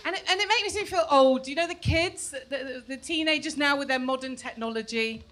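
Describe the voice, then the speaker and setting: A woman in her forties doing a stand-up comedy set on a club stage, chatty and self-mocking, sometimes mimicking her kids in shrill voices. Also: a little fast, heavy background noise. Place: comedy club stage before a live audience.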